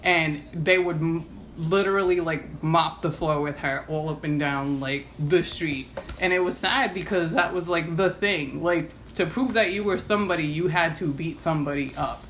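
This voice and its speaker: A woman's voice: low-pitched, moderate pace, fairly bright tone, a little hiss or hum. A woman co-hosting a casual podcast discussion, telling stories in a rambling way full of fillers. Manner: rambling, filler-heavy storytelling. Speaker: podcast co-host.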